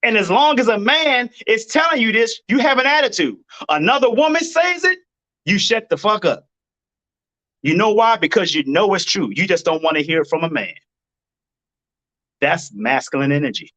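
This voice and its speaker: A man's voice: high voice, animated, moderate pace, pushed and bright, low-quality recording. A man hosting a live-stream advice talk, blunt and preachy, hammering his points by repeating them. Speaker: dating advice host.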